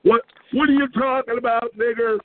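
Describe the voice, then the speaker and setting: A man's voice: extremely high pitch, fairly even intonation, brisk, dry recording. A man caller ranting with hostility on a group phone line, repeating chanted taunts over and over. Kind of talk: aggressive prank-call ranting.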